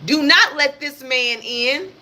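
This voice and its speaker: Slow and expressive, a woman with a high-sitting, sharp voice hosts a live stream. She addresses her audience head-on with blunt political commentary, hammering her points again and swearing liberally.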